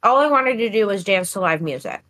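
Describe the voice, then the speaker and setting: A woman's voice: medium pitch, lively intonation, brisk, fairly bright tone. A woman co-hosting a podcast in casual chat, talking in an enthusiastic, rambling way with lots of "like". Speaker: podcast co-host.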